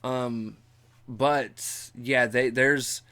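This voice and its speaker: A man hosting a podcast in casual chat, retelling episodes in detail with relaxed fillers. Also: mid-range voice, drawn-out words. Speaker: podcast host.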